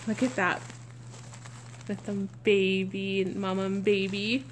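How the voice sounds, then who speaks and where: A woman's voice: medium pitch, little pitch movement, measured pace, a little hiss or hum. A woman vlogger chatting through an unboxing, gushing and exclaiming with frequent gasps. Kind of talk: unboxing vlog chat.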